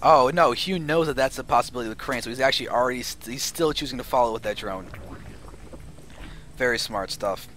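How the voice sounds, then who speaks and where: Male game caster, analytical, mid pitch, light hiss under the voice. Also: fairly quick. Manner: analytical, rising excitement at big plays. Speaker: esports caster. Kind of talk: play-by-play game commentary.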